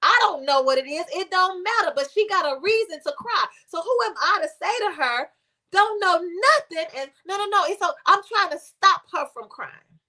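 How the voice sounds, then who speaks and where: A woman pastor preaches in a loose, conversational way, letting a personal story build in fervor. Her voice sits high and rings bright and sharp. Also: expressive, moderate pace.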